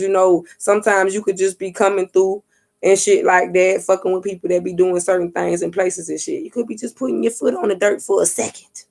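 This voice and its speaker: A woman vlogger and spiritual reader tells a story in a casual, profane, street-talking monologue, acting out what others said and asking viewers "you get what I'm saying." Her voice is lowish with vocal fry, and she's animated.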